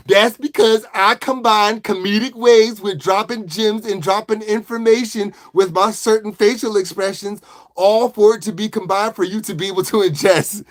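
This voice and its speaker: A young man speaking, hosting a comedic live stream in a goofy, animated way. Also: normal speed. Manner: animated, high-pitched and goofy, bursting into laughter.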